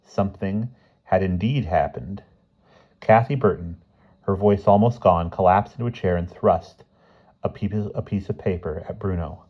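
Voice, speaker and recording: A man reading a children's storybook aloud in a lively, expressive way. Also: sits low, moderate pace, lo-fi sound. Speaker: audiobook reader. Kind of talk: storybook narration.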